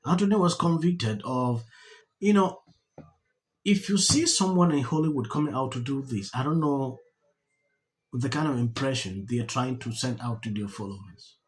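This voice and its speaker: A man's voice: normal speed, low-quality recording. A man hosting a commentary channel, talking earnestly and with emphasis about a news story. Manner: earnest, emphatic, pitch rising and falling.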